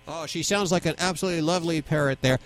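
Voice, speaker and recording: A man's voice: on the high side, fast. A man hosting a call-in radio show, upbeat and friendly as he greets and chats with callers. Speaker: radio host.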